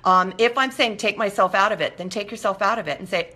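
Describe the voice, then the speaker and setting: A woman's voice: mid-range voice, quick pace. A woman hosting a talk show, speaking conversationally and acting out short everyday exchanges while checking in with her listeners. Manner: animated, acts out little dialogues in quotes. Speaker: host. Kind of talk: talk show monologue on recovery.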